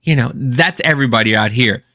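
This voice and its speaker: A man co-hosting a podcast, telling stories in a casual, profane, animated way with sudden loud outbursts. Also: mid-range voice, fairly quick, dry recording, studio quality. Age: adult, has an ex-wife. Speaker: podcast co-host. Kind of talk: casual chat.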